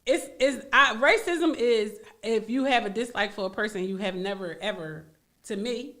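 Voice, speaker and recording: A woman's voice: medium pitch, moderate pace, bright, forceful tone. A woman co-hosting a radio talk show, debating emphatically and restarting her sentences as she builds a point. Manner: emphatic, repeats herself when starting a thought. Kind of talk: heated casual debate.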